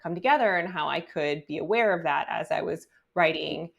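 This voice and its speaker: A woman author being interviewed, telling her story in a chatty, animated way with lots of "like"s. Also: low-pitched, a little fast, creaky, highs cut off. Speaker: guest author. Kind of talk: casual interview talk. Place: home office in New York.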